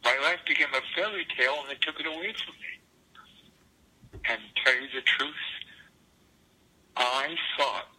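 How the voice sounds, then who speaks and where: A man's voice: medium pitch, normal speed, pauses often, sharp tone, breathy edge, poor audio. A man voicing a weary, wounded famous singer. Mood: reflective.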